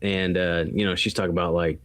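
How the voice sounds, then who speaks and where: A man's voice: sits low, level tone, a little fast, no room sound. A man co-hosting a podcast, casually recapping a film with lots of fillers and quoted lines. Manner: rambling recap with many fillers and acted quotes. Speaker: podcast co-host. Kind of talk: casual movie review chat.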